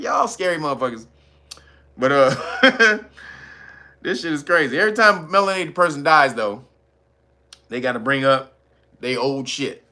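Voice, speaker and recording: An LA-man rants in a casual commentary, his slangy talk full of laughter and acted-out bits. His voice sits fairly high and bright. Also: a little slow, long pauses. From Los Angeles. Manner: animated, slangy, often laughing and acting out quotes. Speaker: commentary host.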